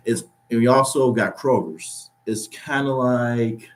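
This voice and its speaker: A man from Ohio hosts a podcast in a relaxed, chatty way. He rambles through his points and laughs easily. His voice sits at an ordinary middle pitch. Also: unhurried. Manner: loose, rambling, laughs often. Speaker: podcast host. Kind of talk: casual chat.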